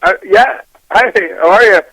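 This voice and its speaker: A man's voice: very high-pitched, sing-song, moderate pace, vocal fry, pushed and bright, no echo, rough recording. A man joining a casual radio chat as a guest, rambling and chuckling between thoughts.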